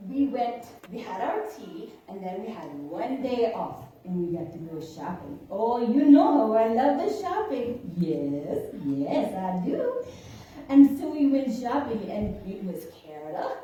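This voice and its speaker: A woman's voice: a little high, dark tone. A woman telling a comic tall tale in a church skit, cooing to a puppy in baby talk between boasts. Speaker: church member performing a skit. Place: church hall. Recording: echoey church hall, distant mic.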